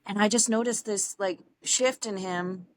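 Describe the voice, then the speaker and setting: A young adult woman, a podcast guest, telling her personal story in a casual, animated way, acting out other people's lines with laughs and fillers along the way. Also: medium pitch, a little slow, a little hiss or hum. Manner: animated, acts out quoted dialogue, frequent laughs and fillers.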